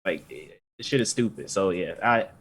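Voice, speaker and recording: A man co-hosting a podcast, casually recapping an anime episode in an animated, profane, rambling way. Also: low voice, normal speed, breathy edge. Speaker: podcast co-host.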